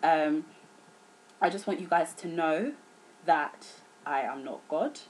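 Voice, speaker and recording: A woman's voice: low voice, slow pace, a little hiss or hum, low-quality recording. A young woman chatting earnestly to camera as a vlogger, serious in tone, with plenty of filler words. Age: young adult. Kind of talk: casual chat to camera.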